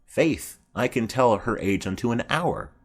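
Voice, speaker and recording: A man's voice: medium pitch, expressive, a little slow. A man voicing a chatty, rambling old female nurse in an audiobook play reading. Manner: rambling, garrulous.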